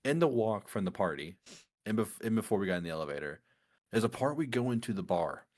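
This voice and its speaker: A man casually telling a story among friends, animated and laughing often as he goes. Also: on the low side, fast. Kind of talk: casual chat.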